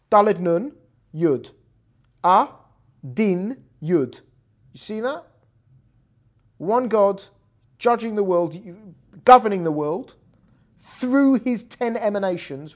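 A man teaching a Torah class in an explanatory classroom style, checking in with his students as he goes. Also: high voice. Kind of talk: classroom lecture.

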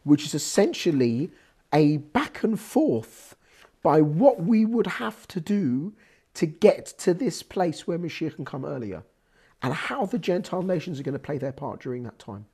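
A man with a croaky voice teaching a scripture class, swinging from low explanation to loud exhortation. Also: big pitch swings, unhurried. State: hoarse, croaky voice. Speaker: Torah teacher. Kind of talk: lecturing on scripture.

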